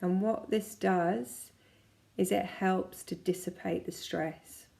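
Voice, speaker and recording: A woman in her forties, a kinesiology practitioner, chatting casually as she guides listeners through calming exercises step by step. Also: lowish voice, slow, gravelly. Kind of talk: casual self-help teaching.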